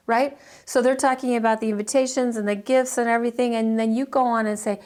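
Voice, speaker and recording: A middle-aged woman gives an informal lesson on counseling skills, her voice sitting a little high. She talks in a loose, chatty way, full of fillers and restarts, and acts out short sample exchanges as she teaches. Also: steady tone, fast talker, hardly any pauses, darkish tone. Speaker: counseling instructor.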